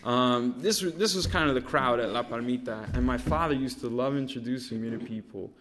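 A man's voice: medium pitch, brisk, a bit bright, a little hiss or hum. A man in his thirties sharing his life story at a recovery meeting, rambling with lots of fillers and swearing. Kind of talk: casual personal storytelling.

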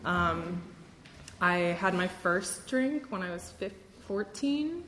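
A woman's voice: on the low side, lively intonation, slow pace, a bit bright, reverberant, a little hiss or hum. A young woman from Wisconsin giving a candid, self-deprecating personal testimony at a recovery meeting, with a lot of fillers and laughter.

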